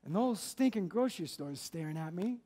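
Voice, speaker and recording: A man preaching as a pastor, telling a story in a lively, conversational, jokey way. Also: sits high, quick pace. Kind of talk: sermon with storytelling. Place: church service.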